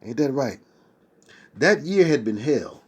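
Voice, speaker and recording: A man reads a memoir aloud at an even pace. His voice sits in a middle pitch. He sometimes stops to add his own slangy remarks. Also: slow, husky. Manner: steady read-aloud voice, breaking off into excited slangy asides. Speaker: reader.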